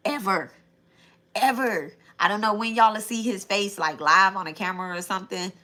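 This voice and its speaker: A woman's voice: medium pitch, quick pace, bright, forceful tone. A young adult woman hosting a live tarot stream, chatting casually and repeating herself as she talks straight to her viewers.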